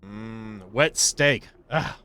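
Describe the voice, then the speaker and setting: A young man streaming a game live, rambling casually with stammering restarts and sudden high, excited yelps. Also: extremely slow. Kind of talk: casual live gameplay commentary.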